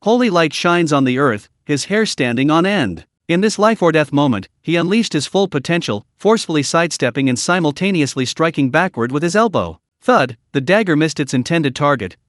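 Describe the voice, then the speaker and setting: A man's voice: fairly high pitch, dry recording. Man narrating a dry recap. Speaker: story narrator.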